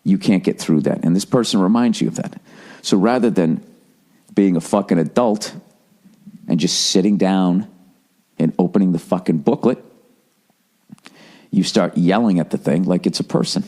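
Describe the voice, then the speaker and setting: A middle-aged American man with a fairly low voice, ranting on a podcast. He swears freely, stumbles and restarts sentences, and keeps a loose comedic flow. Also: moderate pace, long pauses, mellow. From United States. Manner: profane, ranting, with frequent restarts. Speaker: podcast host.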